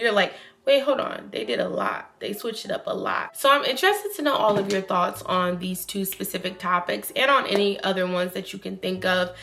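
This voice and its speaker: Animated opinionated woman vlogger. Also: medium pitch. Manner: animated, opinionated, with frequent emphatic rises. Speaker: YouTube commentator. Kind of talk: casual opinion commentary.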